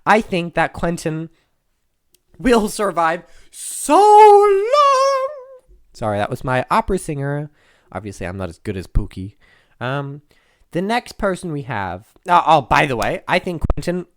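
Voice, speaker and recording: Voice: mid-range voice, very animated, normal speed, fairly bright tone, no echo. A host rambling through contest predictions in a playful way, correcting themselves and making jokey asides, close to the microphone. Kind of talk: casual rambling commentary. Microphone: close desk microphone.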